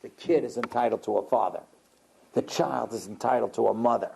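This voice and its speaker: Speaking a little fast in a warm, creaky, mid-range voice with a breathy edge, a rabbi delivers a religious lecture. He tells his story dramatically and acts out the people in it.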